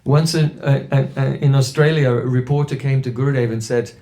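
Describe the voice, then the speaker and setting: A man's voice: mid-range voice, steady tone, fairly quick, hardly any pauses, dark tone. A man giving a spiritual talk through anecdotes, with rhetorical asides and quoted voices. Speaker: spiritual teacher. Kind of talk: storytelling sermon.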